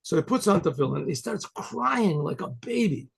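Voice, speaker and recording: A man's voice: high-pitched, sing-song, normal speed. A man, a rabbi, telling a story in a rambling, conversational way with frequent restarts. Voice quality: gravelly, husky voice. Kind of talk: storytelling talk.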